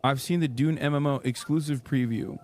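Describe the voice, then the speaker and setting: A man's voice: a little high, steady tone, fairly quick, darkish tone, faint music behind. A man streaming live, chatting casually and reacting to chat with lots of swearing. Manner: profane, chatty, reads chat aloud.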